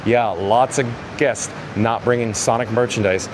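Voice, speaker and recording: A man's voice: medium pitch, measured pace. A man hosting a live-stream tour of hotel hallways, chatting and reading viewer comments aloud. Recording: noisy handheld phone recording.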